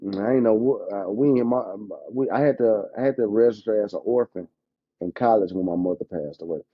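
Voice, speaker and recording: A man's voice: on the low side, brisk, slightly rough, no echo. Talkative man, dull dry recording. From Alabama, US. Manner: animated, talkative, laughs often. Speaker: guest, insurance agent. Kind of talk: casual podcast chat.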